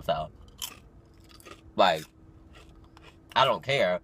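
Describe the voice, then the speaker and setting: A man's voice: medium pitch, fairly quick, long pauses, breathy edge. Chatty, dramatic nineteen-year-old guy. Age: young adult. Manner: chatty and dramatic, lots of fillers, swings into loud excited storytelling. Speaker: vlogger. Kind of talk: casual vlog talk to camera. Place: parked car. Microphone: phone camera.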